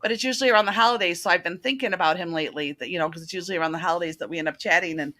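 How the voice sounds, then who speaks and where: A middle-aged woman hosting a casual spiritual talk show, speaking in an earnest, animated, chatty way. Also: on the low side, rapid-fire.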